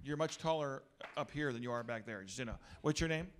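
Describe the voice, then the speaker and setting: A middle-aged male pastor giving an energetic, joking talk to a youth gathering. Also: medium pitch, fast talker, noisy background.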